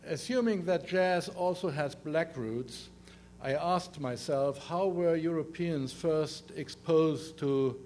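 An older man with a heavy German accent delivers a conference talk in a fairly high voice, pausing often on "uh" and restarting his sentences. A faint hum sits under his speech. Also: darkish tone. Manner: halting, many "uh" fillers and restarts. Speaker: guest lecturer. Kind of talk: conference presentation.

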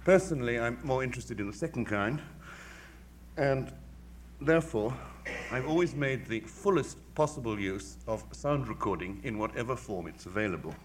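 A man, a music critic, giving a measured, articulate lecture with dry wit. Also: mid-range voice, expressive, slight background noise. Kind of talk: formal lecture.

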